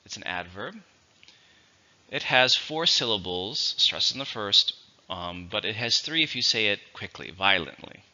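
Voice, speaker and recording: Low, bright-voiced male English teacher. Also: lively intonation, dull audio. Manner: slow, deliberate explanations with repeated words. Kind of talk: vocabulary lesson.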